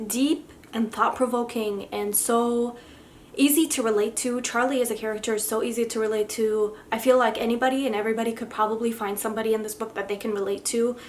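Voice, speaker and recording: Young adult woman, book vlogger, slightly high voice, effusive and heartfelt, faint ambience behind. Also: a little hiss or hum. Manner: effusive and heartfelt, gushing with emotion. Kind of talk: casual book review.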